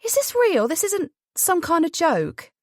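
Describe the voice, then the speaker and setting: A woman voicing a young woman who is anxious and overwhelmed, speaking high and stammering in disbelief in an audiobook. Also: big pitch swings, measured pace, dry recording, studio quality, heavily acted.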